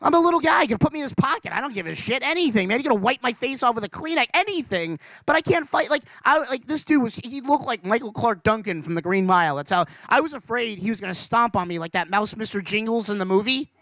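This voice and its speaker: A man performing a rambling, self-deprecating stand-up comedy set, swearing freely and jumping up in pitch for emphasis. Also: expressive, fast talker, few pauses, a bit bright, dry recording.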